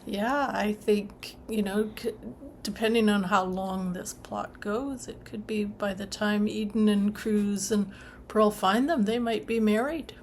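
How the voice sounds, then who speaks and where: A woman's voice: medium pitch, fairly even intonation, a little slow. A woman co-host chats casually, mostly offering short agreements and the odd dry joke. A faint hiss of background noise sits under her voice. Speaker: podcast co-host. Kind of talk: casual chat.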